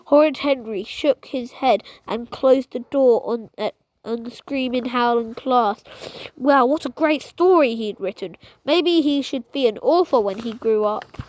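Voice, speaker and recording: A woman reading a children's book aloud, lively and stumbling now and then over words. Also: a little high, unhurried, no room sound, poor audio. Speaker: storytime reader.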